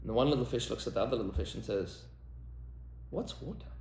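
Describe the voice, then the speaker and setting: A man's voice: lowish voice, racing, vocal fry, a little mellow, echoey room, slight background noise. A man, a rabbi, talking emphatically in a podcast discussion, repeating lines for effect and mixing in Hebrew terms. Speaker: rabbi and teacher.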